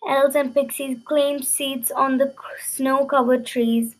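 High-pitched woman reading a children's story in lively first person; light stumbles, read-aloud tone. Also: slow pace, low-quality recording.

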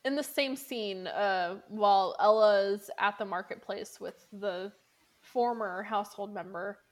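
A woman's voice: medium pitch, unhurried. Easygoing woman retelling a movie scene. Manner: thinks aloud, retells scenes with filler words and small restarts. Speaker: podcast co-host. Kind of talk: casual chat.

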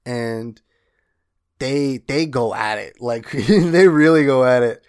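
A young man co-hosting a podcast, casually recapping a cartoon and putting on quick silly voices for the characters. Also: mid-range voice, smooth. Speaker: podcast co-host.

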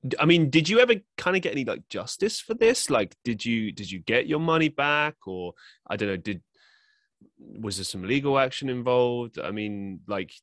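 Podcast host with rambling questions. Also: male voice, mid-range voice, lively intonation, moderate pace, a bit bright, no echo, studio quality. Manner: rambling, hedging questions full of likes and I means. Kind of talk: casual interview talk.

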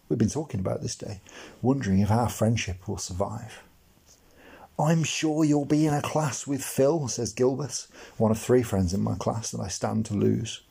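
A man reads his own comic memoir, his voice dark and mellow with a gravelly edge and a hint of huskiness. He tells it wryly, with mock-dramatic pomp and dry asides. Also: medium pitch. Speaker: blogcast narrator. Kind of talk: reading a humorous memoir.

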